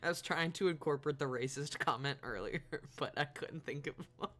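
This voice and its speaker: A streamer giving live commentary over a game, blurting quick excited reactions and the odd swear, and reading game dialogue aloud in between. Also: mid-range voice.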